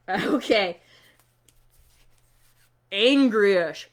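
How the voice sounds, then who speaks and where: A woman hosting a children's storytime online, animated and coaxing as she talks straight to the kids. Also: medium pitch, normal speed.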